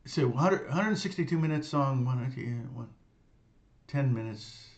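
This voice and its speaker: A man's voice: mid-range voice, expressive, unhurried, lo-fi sound. A middle-aged man, a guitar teacher, chatting casually and rambling, with many fillers, restarts and laughs. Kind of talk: casual livestream chat.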